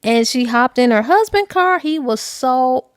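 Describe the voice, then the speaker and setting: Animated woman recapping a book. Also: sits high, a little slow, no room sound, clean studio sound. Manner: animated, slangy storytelling. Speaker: book reviewer. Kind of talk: casual book review recap.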